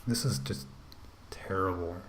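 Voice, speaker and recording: Male artist-host, unhurried, lowish voice, rambling livestream commentary from his home drawing desk, with a faint hum behind him. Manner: relaxed, rambling, talks to himself while working; self-deprecating asides with frequent restarts. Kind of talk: casual running commentary while drawing on a livestream.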